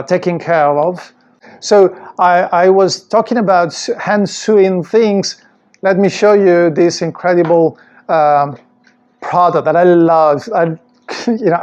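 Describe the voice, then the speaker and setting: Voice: medium pitch, a little mellow. An eager company presenter guides a live tour through a large indoor warehouse. The delivery is enthusiastic and unscripted, full of restarts and small fillers.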